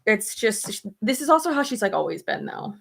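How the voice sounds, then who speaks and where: A woman's voice: a little high, sing-song, a little fast, vocal fry, husky. A young woman vlogging in a casual chat, rambling with lots of "like", laughing often and retelling conversations as quoted dialogue. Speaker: beauty vlogger. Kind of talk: casual chat while getting ready.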